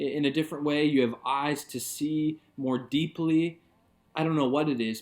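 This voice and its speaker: A man's voice: a little high, a little mellow. A man, a pastor, giving an earnest, reflective devotional talk in a conversational way.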